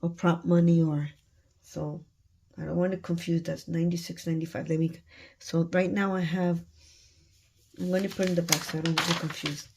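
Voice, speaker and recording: A woman counting cash aloud for her budgeting vlog, murmuring numbers and thinking out loud. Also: lowish voice, flat delivery, normal speed, breathy edge. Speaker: budgeting vlogger.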